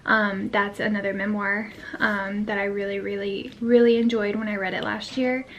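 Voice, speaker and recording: A woman's voice: mid-range voice, level tone, moderate pace, fairly bright tone, dull audio, slight background noise. A tired woman chatting to camera as a book vlogger, rambling with lots of fillers and the odd whispered aside. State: tired, yawning. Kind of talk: casual chat to camera.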